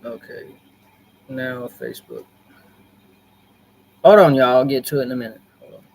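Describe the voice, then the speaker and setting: A man's voice: medium pitch, rapid-fire, a little mellow, a little hiss or hum. A man talking casually on a livestream from a dim corner of his room, rambling and repeating himself in an earnest, conspiratorial way. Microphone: laptop built-in mic.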